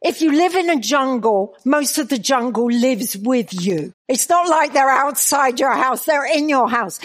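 An older woman with a Northern Irish accent tells a church story with humor and animation. Her voice sits high, and she speaks at a slow, unhurried pace, laughing now and then along the way. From Northern Ireland. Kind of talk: storytelling sermon. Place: church gathering.

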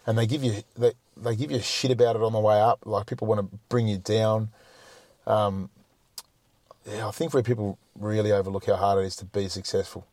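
Middle-aged guy, plain-spoken and profane, relaxed podcast chat, dead-dry recording. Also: fairly low pitch, a little fast, no room sound. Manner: blunt, swears freely, repeats words when starting a point. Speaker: podcast guest. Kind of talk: casual chat.

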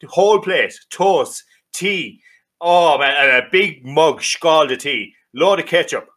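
A boisterous Irish man talking in loose, rowdy banter as a podcast co-host. His voice is bright and forceful, and he swears and laughs freely. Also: on the high side, expressive, takes it slowly. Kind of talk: casual banter.

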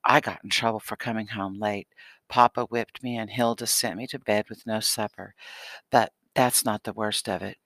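A man's voice: lowish voice, steady tone, normal speed, a bit bright, dry recording. A man reading a whiny, possessive schoolgirl. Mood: wheedling. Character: clingy, jealous, sulky schoolgirl. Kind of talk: audiobook character reading.

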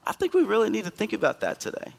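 A male pastor giving a conversational sermon in a church, earnest and emphatic, with sudden loud bursts. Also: sits high, wildly swooping pitch, fast, vocal fry, in a large hall. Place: church sanctuary.

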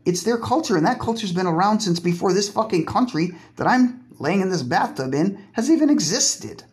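With a high voice, lively intonation and a moderate pace, a man rants through a solo podcast from his bathtub. He's profane, sarcastic and deliberately provocative, and he keeps breaking off words and restarting them.

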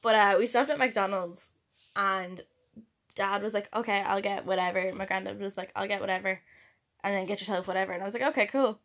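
A woman's voice: medium pitch, fairly quick. A young woman, co-hosting a casual chat and telling stories with frequent laughter. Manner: laughs often, animated storytelling. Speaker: podcast co-host.

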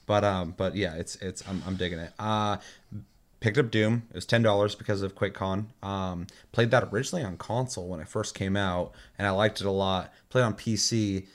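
A man's voice: low-pitched, steady tone, brisk. A man hosting a casual gaming chat, telling rambling stories full of swearing. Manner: profane, rambling storytelling.

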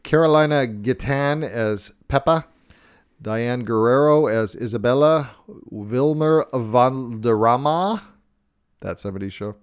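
A man co-hosts a casual podcast, cursing freely and stumbling through restarts. His voice is smooth and clear and sits mid-range. The recording is dry and close. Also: mid-range voice, slow, dry recording. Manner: profane, stammering restarts. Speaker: podcast co-host. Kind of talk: casual profane chat.

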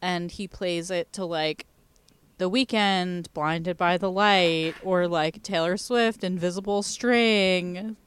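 A woman's voice: lowish voice, slow, smooth. Young woman, laughing as she rambles. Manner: laughing, swearing, rambling storytelling. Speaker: podcast co-host. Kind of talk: casual chat.

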